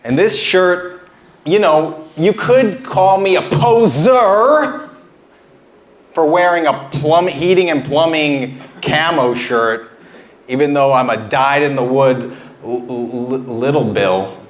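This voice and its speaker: A man's voice: a little high, slow pace. A man doing a stand-up set on a small club stage, rambling through absurd jokes with stammering restarts into a handheld mic. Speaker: stand-up comedian. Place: small club stage before a live audience. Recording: roomy live club sound.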